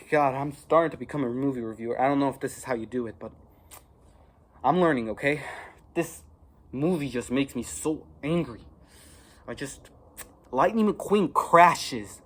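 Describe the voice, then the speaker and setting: A teenage boy ranting to camera as an amateur movie reviewer, rambling with many fillers and restarts and swinging into loud frustrated outbursts. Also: mid-range voice, normal speed, pauses often. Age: teens. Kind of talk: casual rant to camera.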